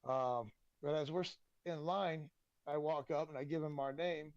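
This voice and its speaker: A man, a podcast guest telling casual, animated stories and swearing freely. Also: a little high, normal speed, dry recording, lo-fi sound. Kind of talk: casual storytelling.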